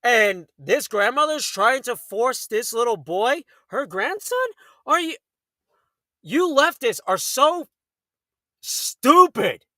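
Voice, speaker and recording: A man hosting a late-night talk radio show, telling stories in a fast, heated way and acting out the people in them. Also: very high voice, pushed and bright, dry recording, studio quality. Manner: fast, heated storytelling with acted quotes.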